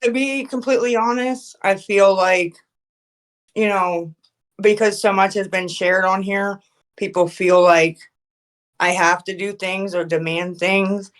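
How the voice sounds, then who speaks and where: A woman's voice: mid-range voice, fairly even intonation, measured pace. A woman hosting an online voice call, explaining herself hesitantly with many fillers. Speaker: host of the voice chat. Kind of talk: group voice call.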